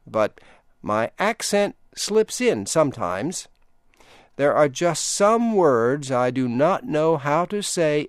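An older man from Delaware with an Eastern Shore accent, reading a scripted radio program in a slow, deliberate way. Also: mid-range voice, no echo, studio quality. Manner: deliberate, measured delivery with lively intonation. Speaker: radio announcer.

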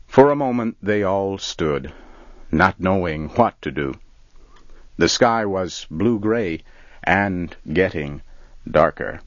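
A man reading a story aloud in a calm, measured way, in a dull lo-fi recording. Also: deep voice, dry recording. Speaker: narrator.

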